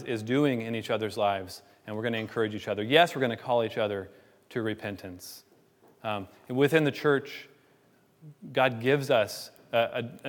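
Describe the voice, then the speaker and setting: A man's voice: mid-range voice, fairly bright tone. A man preaching a sermon as pastor, earnest and pleading, often restarting and repeating words. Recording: long hall reverb.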